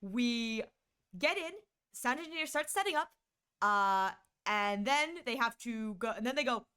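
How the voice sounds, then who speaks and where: A woman streamer tells a story over a condenser mic, her voice bright and set a little high. Her pitch leaps and dips all over as she talks, exasperated and animated. She rushes some phrases and stretches others out. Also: clear, resonant tone. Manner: animated and exasperated, swings between quick and drawn-out. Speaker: streamer and voice actor.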